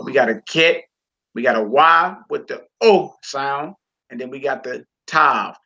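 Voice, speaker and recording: A man teaching a Hebrew reading class in a relaxed, informal way, talking to students while he works the screen. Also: mid-range voice. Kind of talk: casual online class lesson. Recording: lo-fi recording.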